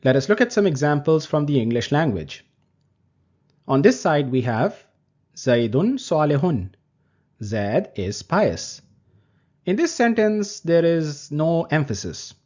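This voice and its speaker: A man teaching Arabic grammar in a recorded lecture, explaining terms slowly and deliberately. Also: on the high side, very animated, darkish tone. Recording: dull lo-fi recording.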